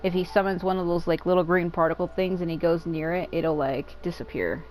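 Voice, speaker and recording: A woman's voice: lowish voice, steady tone, fairly quick, darkish tone, low-quality recording. A woman casually commenting while she plays a game, explaining its lore in a rambling way, full of "like" and the odd swear word. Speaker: gamer. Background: game music.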